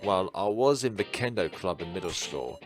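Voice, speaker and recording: A man voicing a cool, calm young woman in a game, speaking in a low, composed way. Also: moderate pace, faint music behind.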